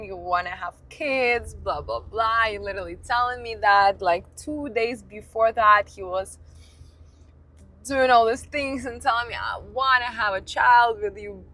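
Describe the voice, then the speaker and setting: A woman's voice: mid-range voice, measured pace, sharp tone. A young woman vlogger telling a candid, sweary story to her phone camera while driving her car. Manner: candid, swears freely, laughs at herself. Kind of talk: storytime vlog.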